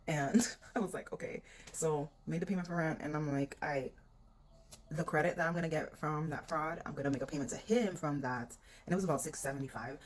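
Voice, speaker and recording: A woman's voice: low-pitched, darkish tone, slight background noise. A young adult woman candidly venting about a hard stretch, swearing often and quoting what she said at the time. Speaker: vlogger. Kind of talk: venting personal story.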